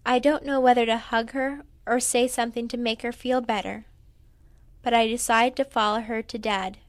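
A woman's voice: fairly high pitch, fairly even intonation, moderate pace, no echo. Woman reading a memoir aloud. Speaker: narrator. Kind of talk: first-person memoir reading.

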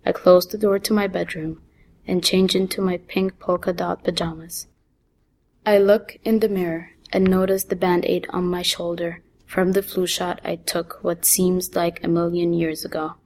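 A woman author reading her own first-person short story aloud in a calm, unhurried manner. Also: on the low side.

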